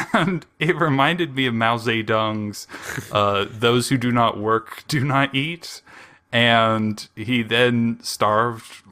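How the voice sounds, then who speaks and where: Bright-voiced man, wry podcast storyteller. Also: medium pitch, slow. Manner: wry, sarcastic storytelling with frequent chuckles. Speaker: podcast co-host recapping an anime. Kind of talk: casual podcast chat.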